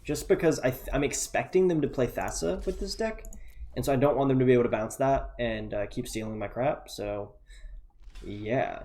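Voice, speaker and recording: A man's voice: mid-range voice, moderate pace. Man thinking aloud over a card game. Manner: thinking aloud, relaxed and chatty, muttering asides. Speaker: gameplay commentator. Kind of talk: casual play-by-play of a card game.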